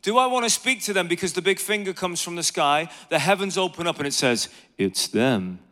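A man leading an evangelism seminar, energetic and jokey, swinging between loud emphasis and quiet asides. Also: sits high, quick pace. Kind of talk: lively seminar preaching to a live audience.

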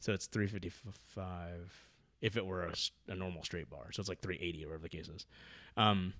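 A man chatting casually about his training, rambling with lots of fillers and getting loud when excited. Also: low-pitched, fairly quick, no room sound, clean studio sound. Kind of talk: casual podcast chat.

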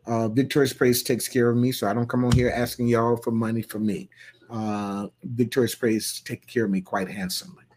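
Folksy pastor chatting with online viewers. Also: male voice, medium pitch, flat delivery, moderate pace, slight background noise. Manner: loose, folksy, playful, with sudden loud bursts. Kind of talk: livestream sermon talk reading viewer comments.

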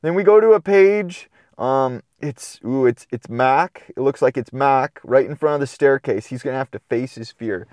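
A man's voice: medium pitch, normal speed, few pauses, a little mellow, dry recording. A man reading a children's storybook aloud, breaking off for chatty, playful commentary. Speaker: storybook reader. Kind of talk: casual read-aloud with commentary.

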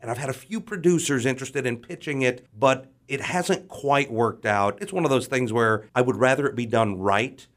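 A man's voice: medium pitch, normal speed, hardly any pauses, fairly bright tone. A man who is a comedian, chatting as a podcast guest, often repeating words and restarting his sentences. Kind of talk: casual podcast chat.

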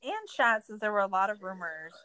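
Bright-voiced woman ranting sarcastically. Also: medium pitch, fairly quick. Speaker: podcast co-host. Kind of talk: casual recap chat.

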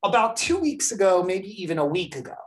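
Speaking fast in a mid-range voice, a woman hosts a podcast and tells a long tale over casual chat. She's a lively storyteller who performs the quotes of the people in it.

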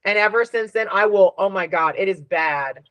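A woman in her thirties hosting a podcast and chatting casually as a dog groomer, telling stories in a profane, animated way. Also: medium pitch, normal speed, no echo. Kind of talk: casual chat.

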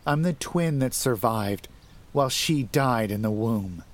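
A man's voice: medium pitch, lively intonation, measured pace, natural voice. A man voicing a frightened wife who is haunted by her dead twin, speaking desperately and breaking into sobs. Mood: grim.

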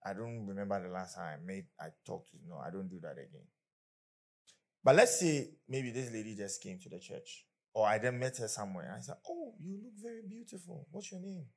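A man's voice: on the low side, fairly quick, darkish tone. A man preaching a conversational sermon as pastor, often acting out the people he quotes.

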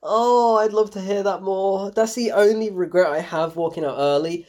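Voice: medium pitch, normal speed, a little mellow. A film reviewer, giving a casual spoken review in an exasperated, sarcastic way, laughing often and swearing.

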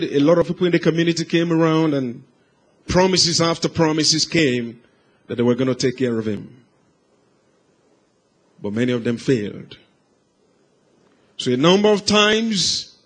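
High-voiced man preaching a testimony. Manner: dramatic swings from hushed to shouted. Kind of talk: sermon storytelling.

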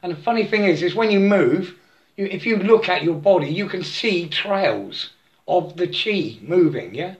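A man with a high-sitting, animated voice gives a halting, repetitive spiritual monologue on a lo-fi recording. He breaks into chanted mantras and laughs to himself.

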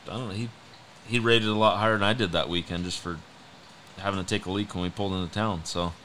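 A race boat driver telling stories in a casual chat, animated and full of fillers. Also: male voice, sits low, fast talker, slight background noise. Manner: animated storyteller, many fillers. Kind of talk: casual storytelling.

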